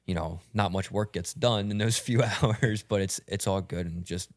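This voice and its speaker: A male podcast host with a very deep voice that hardly rises or falls. He talks at a steady, measured pace. The sound is dry and close, with no room echo. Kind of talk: casual podcast conversation.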